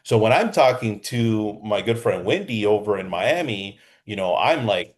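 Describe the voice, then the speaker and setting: A man with a fairly low voice teaches real estate agents in a loose, energetic lesson. He talks like he is chatting with the room and keeps tossing in a quick "okay?" to check that the point landed. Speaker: real estate sales coach. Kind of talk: coaching lesson. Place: Southern California.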